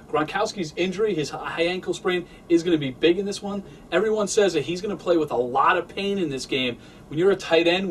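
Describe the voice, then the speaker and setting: A young man hosting a sports web show, giving steady, analytical football breakdowns. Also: a little high, distant mic, slight background noise.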